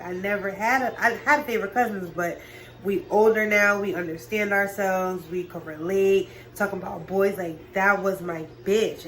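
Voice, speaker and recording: A woman's voice: medium pitch, a bit bright, poor audio. Young woman swearing through a storytime vlog. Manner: casual, profane, talks to viewers as y'all. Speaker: vlogger.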